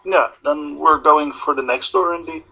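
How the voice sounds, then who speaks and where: Guy player, bright tense voice, hesitant, faint hiss in the background. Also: on the high side, normal speed, creaky, poor audio. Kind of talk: casual tabletop game chat.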